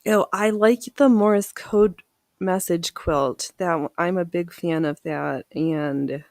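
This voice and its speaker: Slow, chatty woman sewing live. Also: lowish voice, a little mellow, no room sound. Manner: chatty, laughs often, reads viewer comments aloud. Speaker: livestream host. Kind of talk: casual live chat while sewing.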